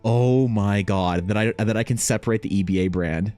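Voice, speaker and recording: A man's voice: lowish voice, brisk, darkish tone, soft background music. A man from Canada, an artist streamer, chatting casually and profanely while drawing and reading chat aloud.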